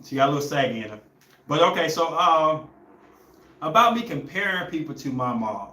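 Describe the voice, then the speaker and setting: In an echoey room, a young podcast host with a fairly high, sharp-toned voice chats casually at normal speed. His intonation is lively as he rambles through a story, hunting for words.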